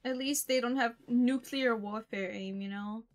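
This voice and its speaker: A woman's voice: a little high, measured pace. A young woman streaming a game, chatting casually with blunt, joking trash talk. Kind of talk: casual gaming chat.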